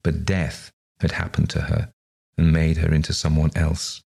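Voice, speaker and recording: A man reading a ghost story aloud in a measured, even storybook narration. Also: rumbling low, vocal fry, husky. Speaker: story reader.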